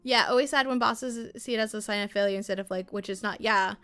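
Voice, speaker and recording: A woman's voice: medium pitch, quick pace, a bit bright, clean tone, faint music behind. A woman streamer chatting casually while playing a game, rambling and acting out her own and others' lines.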